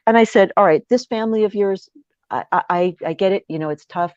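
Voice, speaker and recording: A woman guest on a podcast interview, telling a personal story in a lively, animated way and acting out the voices of people in it. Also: medium pitch, fairly quick, clean tone, dry recording. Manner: lively, laughing, acts out quoted voices. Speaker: guest speaker and author. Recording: dry, dull lo-fi sound.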